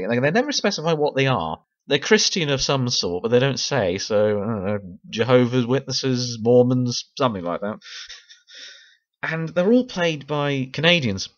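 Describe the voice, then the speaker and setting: A man's voice: medium pitch, fairly bright tone, dull audio. A man chatting casually about a TV miniseries, laughing often and restarting his sentences. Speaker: video essayist. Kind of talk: casual chat review.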